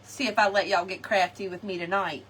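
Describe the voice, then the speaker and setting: While making crafts live, a woman chats with her viewers in a mid-range, steady, slightly bright voice at a fairly quick pace, laughing a lot. A distant mic adds faint ambience and a little hiss or hum.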